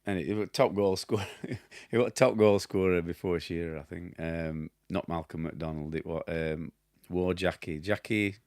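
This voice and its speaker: Speaking at a moderate pace in a low, steady, slightly mellow voice, a middle-aged damp specialist and ex-plasterer from Yorkshire answers viewers' questions. His broad accent carries a loose, rambling chat in which he laughs at himself and drifts off track. The sound is dry and studio quality.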